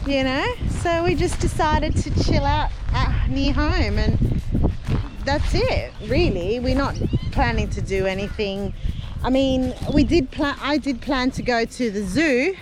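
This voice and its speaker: A woman's voice: high voice, unhurried, heavy background noise. A young woman and mother filming a casual family vlog in a park, coaxing her toddler in a sing-song voice. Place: outdoors in a park. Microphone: handheld phone camera. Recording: background music over the voice.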